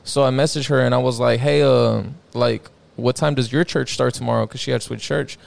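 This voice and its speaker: A man's voice: mid-range voice, fairly even intonation, a little fast, creaky. A young man casually telling a personal story as a guest, slangy and profane, filling his talk with "bro" and "like".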